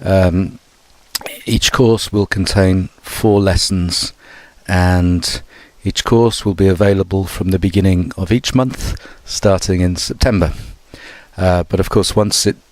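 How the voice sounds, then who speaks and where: A man with a fairly low voice teaches a mini lesson at an unhurried pace. He talks carefully and often pauses on hesitant fillers as he goes. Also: steady tone, a little mellow, no echo. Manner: slow and careful, with many "uh" fillers. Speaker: English teacher. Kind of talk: online English mini lesson.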